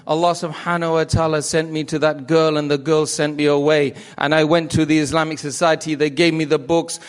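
In a religious talk, a man recounts his own conversion, acting out the voices he quotes and repeating phrases for emphasis. He's animated and brisk with few pauses, his fairly high voice clear and resonant.

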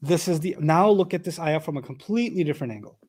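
A man giving an animated, conversational Quran commentary lesson, his voice climbing sharply when he drives a point home. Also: fairly high pitch, fast, husky. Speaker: Quran teacher.

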